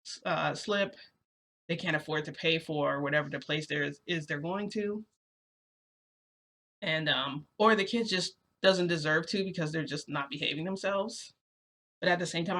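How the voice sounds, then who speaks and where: A woman's voice: deep voice, fairly bright tone. Rambling, earnest woman vlogger. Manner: rambling, many fillers and restarts; earnest, a little agitated. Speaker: vlogger telling a story. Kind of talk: casual storytelling vlog.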